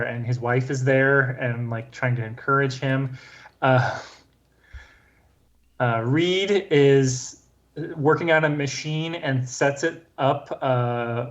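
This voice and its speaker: A man summarizes a comic plot in a loose, amused tone and often breaks into laughter between points. His voice sits at an ordinary pitch. The recording sounds slightly muffled. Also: fairly even intonation, takes it slowly. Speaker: podcast co-host. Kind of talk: casual comic-book recap chat.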